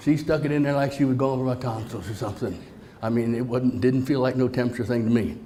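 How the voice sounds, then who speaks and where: A middle-aged man with a warm, medium-pitched voice works a live crowd as a motivational speaker, telling a humorous personal story in a folksy, joking manner and speaking straight to them. The sound carries roomy hall reverb and faint noise.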